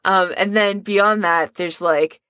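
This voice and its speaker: A woman's voice: medium pitch, fairly even intonation, slow pace, bright, forceful tone, smooth, no room sound. A woman hosting a podcast, chatting casually about fan audio recordings and laughing often. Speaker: podcast host.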